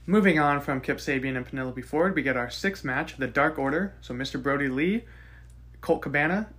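A man's voice: a little high, a little fast, fairly bright tone. A man co-hosting a podcast, recapping and rating a wrestling show in casual, joking chat. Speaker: podcast co-host.

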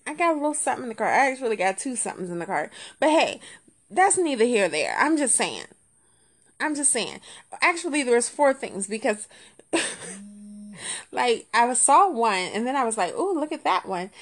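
A woman hosting a podcast, telling a story in casual chat with lots of repetition, jumping between low muttering and high, indignant exclaims. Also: sing-song, normal speed, long pauses. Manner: colloquial, repeats phrases. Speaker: podcast host.

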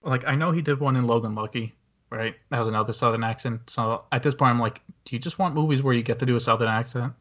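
A man's voice: mid-range voice, quick pace, fairly bright tone, muffled recording. Man, podcast host, casual movie chat, rambling, lots of fillers. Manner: rambling, many fillers and restarts.

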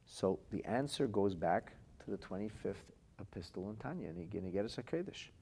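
A man's voice: on the low side, lively intonation, moderate pace, mellow, breathy edge. A man teaching a Torah class as a rabbi, reading phrases from classic texts aloud and translating them into plain speech. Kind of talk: lively text-based Torah lesson.

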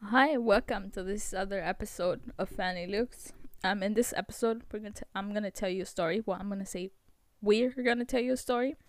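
A young woman hosting a vlog, telling a story in a chatty, animated way with lots of fillers. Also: mid-range voice, fairly quick, few pauses. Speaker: vlog host.

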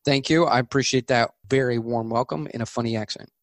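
A male author from California, talking as an interview guest and telling animated anecdotes. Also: mid-range voice, no room sound. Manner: animated, anecdotal, quick asides. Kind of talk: conversational interview storytelling.

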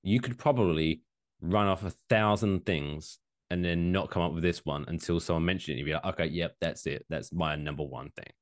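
A man co-hosting a casual podcast chat, animated and profane, slipping into mocking quoted voices. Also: deep voice, fairly quick. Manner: animated, swearing, jokey mock quotes. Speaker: podcast co-host.

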